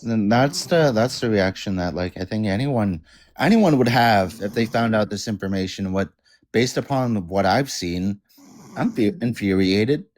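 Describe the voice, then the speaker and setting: A man speaking as a guest on a livestream, indignant but measured. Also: on the low side, lively intonation, a little mellow. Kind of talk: heated livestream discussion.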